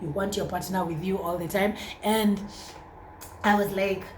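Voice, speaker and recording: A Kenyan woman chats straight to camera in a casual vlog, exclamatory and animated, mixing English with Swahili. Her voice sits at a middle pitch. The room rings with a noticeable echo, and a faint hum runs underneath. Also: normal speed. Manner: chatty, exclamatory, switches between English and Swahili. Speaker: vlogger.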